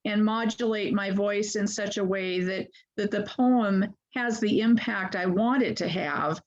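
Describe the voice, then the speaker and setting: A woman in her sixties, a workshop participant, asking a question over a video call in a halting, self-correcting way. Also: mid-range voice. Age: 60s. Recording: muffled video call audio.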